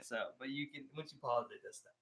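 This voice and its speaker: A man's voice: mid-range voice, steady tone, quick pace, a bit bright, low-quality recording. A man co-hosting a podcast, chatting casually and rambling with lots of "like" and "you know". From Maryland, US. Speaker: podcast co-host. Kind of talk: casual chat.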